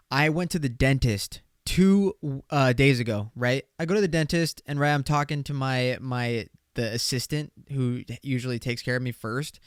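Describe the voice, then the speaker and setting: A man's voice: mid-range voice, clear, resonant tone, dry recording, studio quality. Slangy young man hosting a podcast. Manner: loose, slangy, swearing and joking. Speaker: podcast host. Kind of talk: casual solo podcast monologue.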